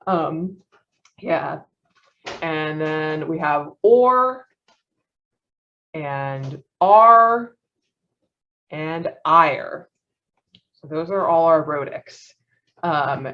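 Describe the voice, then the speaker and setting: A young woman leading a phonetics practice session, encouraging and praising answers with frequent laughs. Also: sits low. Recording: dull muffled lo-fi audio.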